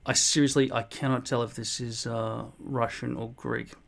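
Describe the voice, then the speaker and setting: A man's voice: medium pitch, little pitch movement, normal speed, creaky. A man, casually reading and answering viewer comments in a blunt, mock-boastful way, swearing often. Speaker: vlogger replying to comments. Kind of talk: casual comment-reply monologue.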